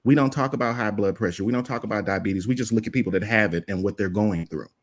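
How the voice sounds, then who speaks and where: A man's voice: fairly low pitch, fast. A man, chatting casually and telling a story in an earnest, plain-spoken way. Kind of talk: casual chat.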